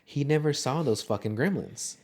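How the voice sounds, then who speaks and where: A man's voice: a little high, lively intonation, normal speed, darkish tone. A man co-hosting a casual movie-review podcast, talking loosely with plenty of swearing, fillers and laughter. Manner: profane, jokey, frequent laughter and filler words. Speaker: podcast co-host.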